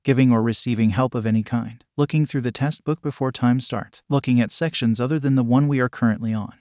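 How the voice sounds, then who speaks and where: A man voicing an exhausted, bored male exam proctor who reads rules in a deadpan monotone. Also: mid-range voice, brisk, dry recording, studio quality, lightly acted.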